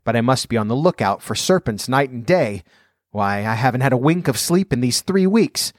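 A man's voice: mid-range voice, lively intonation, normal speed, dry recording, clean studio sound, lightly acted. A man voicing a fretful, scolding mother pigeon in a storybook reading, huffy and complaining. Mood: shrill.

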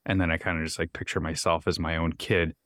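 A man co-hosting a podcast, a parent, speaking earnestly and encouragingly about quieting his inner critic. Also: sits low, level tone, fast, no echo, studio quality. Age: adult parent. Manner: earnest, encouraging, talks himself through things. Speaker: podcast co-host. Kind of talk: casual conversational chat.

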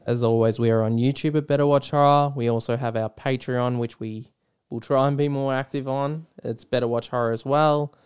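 A man's voice: mid-range voice, steady tone, brisk, darkish tone, clean tone. A man with an Australian accent co-hosting a podcast in casual chat, rambling with restarts and swearing freely. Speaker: podcast co-host.

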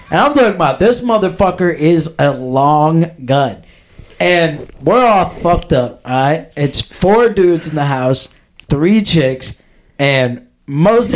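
A young man telling a wild party story on a podcast, crude and laughing as he goes. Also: sits high. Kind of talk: casual storytelling.

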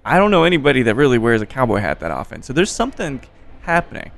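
American man from the Midwest, gravelly voice, wry host of a relaxed chat. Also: medium pitch, fast. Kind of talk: casual chat. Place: bar by a window.

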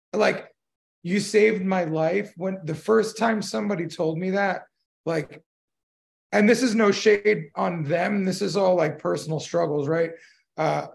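Laid-back male podcast co-host with a high, gravelly voice. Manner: laid-back, rambling, swears casually, laughs often. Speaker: podcast co-host, tattoo artist. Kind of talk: casual chat.

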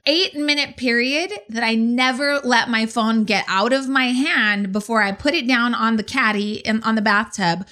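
A woman co-hosting a casual chat, retelling a story in an animated, emphatic way with blunt swearing. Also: a little high, normal speed, hardly any pauses. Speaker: podcast co-host.

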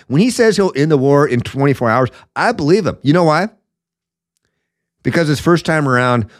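A man's voice: on the high side, dry recording, clean studio sound. Blunt, emphatic male political host. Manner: blunt, emphatic, says "man" often, many fillers. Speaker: podcast host. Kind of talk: opinionated political commentary.

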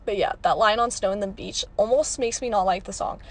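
A woman's voice: mid-range voice, normal speed. A young woman hosting a podcast from her parked car, rambling and chatty, laughing often. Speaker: podcast host. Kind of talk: casual chat.

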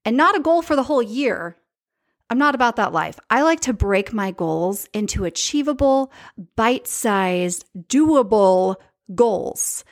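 A woman's voice: a little high, lively intonation, measured pace. A woman hosting a podcast, talking in an emphatic, chatty way, repeating her key points and speaking straight to her live viewers. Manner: addresses live viewers directly. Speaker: podcast host. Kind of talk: casual solo podcast monologue.

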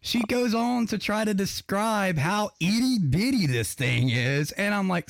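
A man's voice: sits high, animated, moderate pace, gravelly, hardly any pauses, no room sound, clean studio sound. A man co-hosting a casual podcast, telling crude, profane stories and laughing often. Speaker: podcast co-host.

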